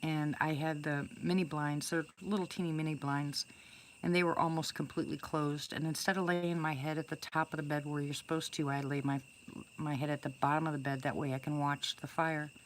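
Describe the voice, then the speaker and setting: An older woman with a low, steady voice talks briskly to live viewers as if chatting with them, telling a long first-person story that rambles, restarts, and fills gaps with fillers. Faint crickets and insects chirp behind her, with slight background noise.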